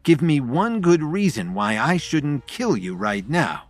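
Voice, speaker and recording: A man's voice: on the high side, sing-song, unhurried, faint music behind. A man voicing a tough, protective young father who speaks firmly and bluntly. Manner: firm and clipped.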